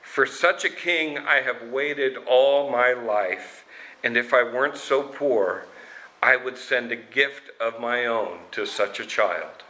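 A man voicing a poor, desperate mother who talks in a hushed, pleading way. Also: mid-range voice, takes it slowly. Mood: moved.

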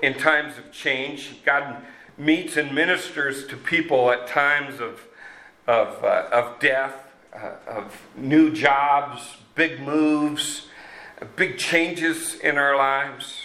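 A man preaching a sermon, slow and halting with many fillers and restarts. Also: medium pitch, steady tone, bright, forceful tone, reverberant, poor audio. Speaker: pastor.

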